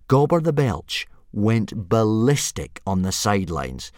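A man reading a children's adventure story aloud with lively, animated narration. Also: lowish voice, a little slow, few pauses, no echo, studio quality. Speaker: audiobook narrator.

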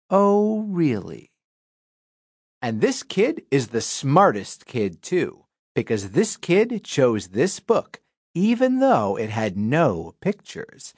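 A woman reads a children's book in a lowish voice with enormous, swooping pitch swings. She lingers slowly over each phrase and jumps between deadpan dryness and squealing nonsense sounds. The studio sound is close and completely dry. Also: slightly rough, no room sound. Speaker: audiobook reader. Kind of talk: playful children's audiobook reading. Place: recording studio. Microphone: studio microphone.

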